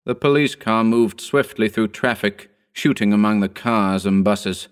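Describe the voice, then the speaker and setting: A man narrating a horror story as an audiobook, measured and slowing for grim details. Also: on the low side, clean tone.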